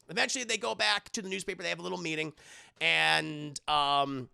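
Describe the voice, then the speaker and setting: A man hosts a casual live review and retells scenes in an animated, profane way. His voice sits high and is heavily gravelly. It has a bright, edgy tone. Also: brisk. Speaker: streamer and show reviewer.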